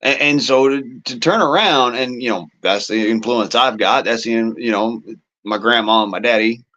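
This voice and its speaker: A man's voice: medium pitch, moderate pace, bright, forceful tone, lo-fi sound. A man hosting a casual political monologue, talking in a rambling, profane way with folksy turns of phrase. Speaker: show host.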